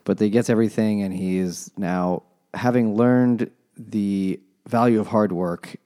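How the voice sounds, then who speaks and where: A man's voice: fairly low pitch, fairly even intonation, measured pace, warm tone. A man co-hosting a casual book podcast, dropping dry, sarcastic quips. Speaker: podcast co-host discussing a book. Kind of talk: casual chat.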